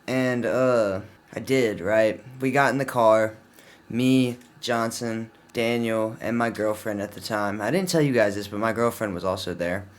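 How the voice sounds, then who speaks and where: A man's voice: on the low side, a little slow. A young man telling a casual storytime vlog in a slangy, profane, rambling way with lots of fillers. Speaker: vlogger.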